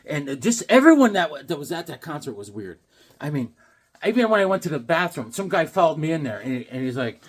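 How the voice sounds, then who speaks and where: A man's voice: fairly high pitch, sing-song, brisk, breathy edge. A man rambling casually while showing his drawings, chuckling and full of fillers and self-talk. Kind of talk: casual rambling show-and-tell.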